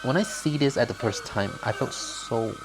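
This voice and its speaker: A man's voice: mid-range voice, normal speed, over music. Rambling man commenting on a game. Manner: rambling, with slips and laughs. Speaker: gaming channel host.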